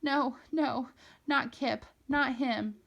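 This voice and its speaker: A grieving young girl, as a woman reading a storybook puts her on pleads in a high, tearful voice. Her words come desperate and tender. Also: very slow, creaky, a bit bright, highs cut off, heavily acted. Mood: pleading.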